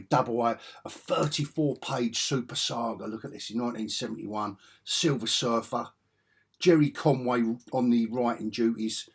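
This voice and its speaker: A man's voice: fairly low pitch, darkish tone, slightly rough. A man chatting casually as he shows off his comic collection, enthusiastic and rambling with chuckling asides. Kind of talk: casual show-and-tell chat.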